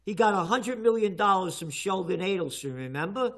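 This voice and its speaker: An older man giving heated, emphatic political commentary in a talk show, his voice often rising loud. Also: high voice, lively intonation, fairly quick. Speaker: guest commentator.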